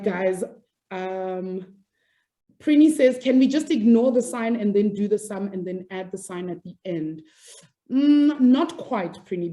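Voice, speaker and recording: Upbeat woman teacher with a mellow voice. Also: mid-range voice. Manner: upbeat, apologetic, laughs easily. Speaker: maths teacher. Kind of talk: live online class.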